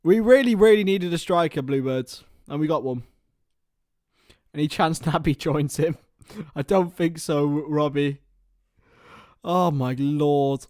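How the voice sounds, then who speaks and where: Slow-talking young man hosting a live stream. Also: fairly high pitch, dry recording, clean studio sound. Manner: chatty, answers viewers by name; bursts into excited shouting. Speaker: livestream host. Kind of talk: casual live-stream chat.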